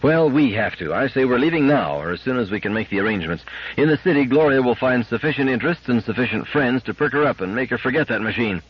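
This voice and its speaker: A man's voice: mid-range voice, lively intonation, fast talker, slight background noise, pitched above the performer's own voice, lightly acted. A man voicing a stern, stubborn mother who speaks firmly and grimly. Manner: firm, clipped and grim. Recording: dull lo-fi sound.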